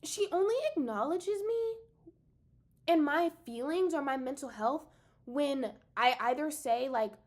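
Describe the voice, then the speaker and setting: A young woman in her late teens or early twenties with a high voice, unloading her frustrations on camera. Her pitch leaps and dives all over as she vents, emphatic and exasperated, and she speaks straight to her audience like she's catching up with friends. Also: animated, measured pace. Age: young adult. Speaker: vlogger. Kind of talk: casual venting to the camera.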